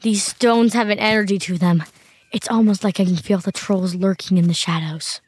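A woman's voice: mid-range voice, fairly even intonation, moderate pace, husky, lightly acted. A woman voicing Max, a cheeky, impatient kid adventurer in a children's audio drama. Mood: playful. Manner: wisecracking, impatient.

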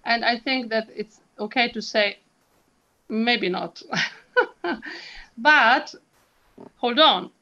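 A woman's voice: a little high, takes it slowly, long pauses, bright, forceful tone, dull audio. A woman, a soprano and vocal coach, talking expressively in an interview and demonstrating sounds. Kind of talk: animated interview chat.

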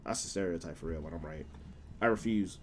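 A young man talking casually while livestreaming a game, loud and exaggerated, full of slang and mock complaints. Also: sits low, a little fast, noisy background. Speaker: game streamer. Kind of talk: casual gameplay livestream talk.

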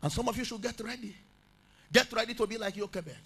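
A man preaching a sermon, swinging from low spoken phrases to shouted, chanted lines and prayer in tongues. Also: fast talker, a little hiss or hum. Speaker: pastor. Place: church meeting at a camp.

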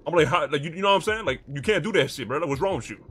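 A man's voice: a little high, expressive, racing, fairly bright tone, slightly rough. A man streaming a gang roleplay, arguing in profane street slang and defending himself. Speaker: streamer playing a gang member. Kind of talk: in-character roleplay argument.

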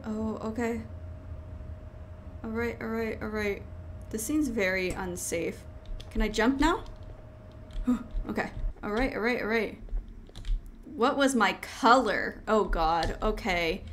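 A woman's voice: mid-range voice, slow, pauses often, a bit bright, slight background noise. A woman playing a horror video game, chatting to the game as she goes and crying out in panic when it frightens her. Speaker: gaming video host.

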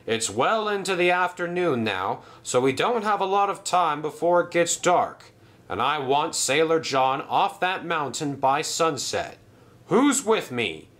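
A man's voice: fairly high pitch, sing-song, measured pace, a bit bright. A man voicing a firm but kind male railway boss who speaks in a commanding, formal way.

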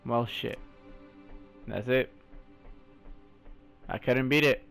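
A man streaming a story game, reacting excitably, exclaiming, swearing and calling the viewer "bro" all the time. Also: medium pitch, very slow, creaky, smooth, soft background music. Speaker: gaming streamer. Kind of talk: let's play commentary.

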